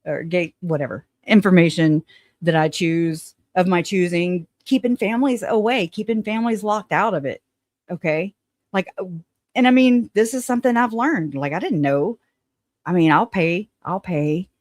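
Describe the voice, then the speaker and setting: A casual livestream host reads viewer comments aloud and gives blunt, opinionated takes, with an occasional curse. The talk is loose and chatty and often breaks into laughter. The voice sits at a middling pitch and sounds dry and close, with no room echo.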